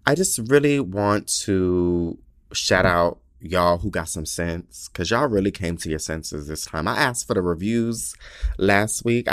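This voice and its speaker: A man's voice: fairly low pitch, fairly bright tone, clean tone, no echo, clean studio sound. Chatty, profane podcast host man. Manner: chatty, candid and profane, self-mocking. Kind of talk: casual chat. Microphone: small podcast mic.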